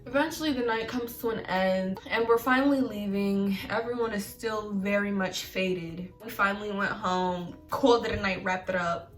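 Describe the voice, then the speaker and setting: A woman's voice: mid-range voice, normal speed, distant mic. Young woman telling a slangy story in an echoey room. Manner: animated slangy storytelling with laughs. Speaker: vlogger. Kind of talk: storytime vlog. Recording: echoey room, voice off-mic, faint music.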